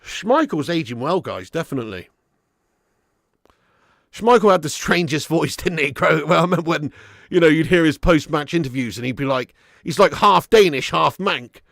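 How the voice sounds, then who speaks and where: Excitable gravelly-voiced man yelling at a match. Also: normal speed, no room sound, clean studio sound. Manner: excitable, yells at the referee, then drops to low muttering; swears and chats with live viewers. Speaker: fan channel host. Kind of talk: live football watch-along commentary.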